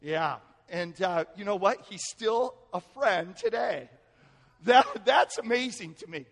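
A male pastor preaching in a church, telling a family story with lively, animated delivery. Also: slow, vocal fry. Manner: storytelling, animated, acts out family quotes with rising pitch. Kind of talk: sermon. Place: church sanctuary. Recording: echoey hall with long reverb.

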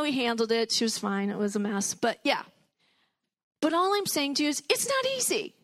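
Bright high-voiced chatty mother. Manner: chatty storytelling with many asides and restarts. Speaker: speaker at a women's gathering. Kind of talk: talk to a group of mothers.

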